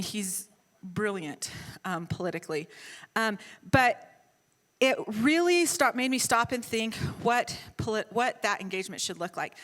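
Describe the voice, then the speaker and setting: A middle-aged woman on a conference panel, telling a story in an animated, self-mocking way and acting out the dialogue. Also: medium pitch, in a large hall. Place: large conference hall.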